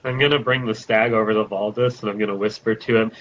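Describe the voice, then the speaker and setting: A man's voice: on the low side, fairly even intonation, fast, a bit bright, slight background noise. A man playing in a tabletop game, describing his moves plainly. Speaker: player. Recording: dull lo-fi mic with faint ambience.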